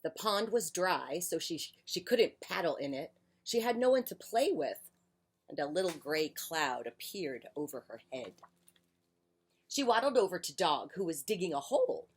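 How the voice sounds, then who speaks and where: A woman reading a children's picture book aloud on her porch, in a gentle storytelling manner. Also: sits low, animated, normal speed, slightly rough. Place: on a porch outdoors.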